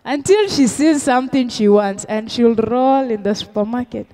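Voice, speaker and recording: A woman's voice: on the high side, moderate pace, warm tone. A middle-aged woman pastor, preaching a sermon with call-and-response questions and Swahili phrases mixed in.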